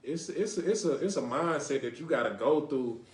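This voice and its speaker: A man's voice: medium pitch, expressive, moderate pace, reverberant. A man from North Dallas, hosting a casual podcast with call-ins and often saying "you know what I mean". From Lake Highlands, North Dallas, Texas. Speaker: podcast host.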